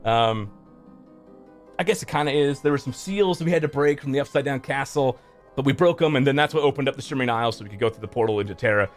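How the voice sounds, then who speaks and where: A man's voice: medium pitch, quick pace, soft background music. Casual, profane male streamer. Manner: loose, profane and rambling, with many fillers. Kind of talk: casual recap of a game's story.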